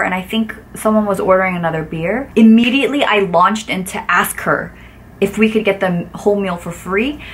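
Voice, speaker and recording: Woman vlogger rambling thru a story, says like a lot, mid pitch, bit of faint noise behind her. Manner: animated, acts out quotes with lots of "like" fillers. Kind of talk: casual storytelling vlog.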